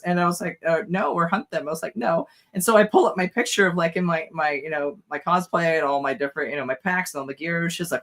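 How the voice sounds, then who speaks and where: A hoarse, tired man chatting on a podcast, his voice sitting a bit high for a man. He rambles through stories with plenty of fillers and breaks into laughs often. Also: quick pace, a bit bright. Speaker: podcast co-host. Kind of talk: casual chat.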